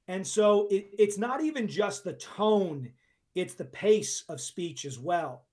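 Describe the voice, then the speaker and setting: A man with a noticeably high-pitched voice talks as a podcast guest. He explains coaching ideas in an emphatic, teacherly way, checking that the listener follows. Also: sing-song, takes it slowly, a little mellow. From United States. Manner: emphatic teacherly explaining, asks if it makes sense.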